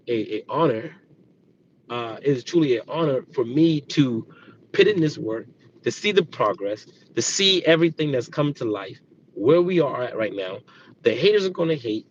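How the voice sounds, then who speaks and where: A man's voice: on the high side, lively intonation, normal speed, muffled recording, slight background noise. A middle-aged man running a dog kennel, talking casually and passionately on a livestream, rambling and repeating himself.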